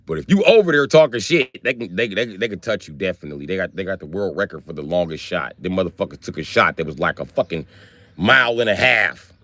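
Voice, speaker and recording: An American man with an American accent, ranting on a live stream in a loud, profane, animated way. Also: sits low, quick pace, no echo. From United States.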